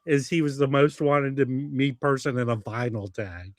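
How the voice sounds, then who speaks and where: A man's voice: medium pitch, fairly even intonation, normal speed, no room sound, studio quality. A man in a casual livestream chat who keeps cutting in with joking announcements. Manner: interrupts with jokey announcements. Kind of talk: casual banter.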